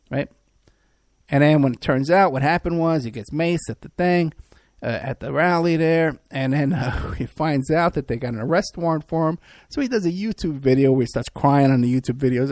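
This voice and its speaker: Gravelly, sarcastic male podcast host. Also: fairly high pitch, expressive, moderate pace, a little mellow, no room sound. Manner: rambling, sarcastic, many fillers and restarts. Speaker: podcast host and private investigator. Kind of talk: casual mocking commentary.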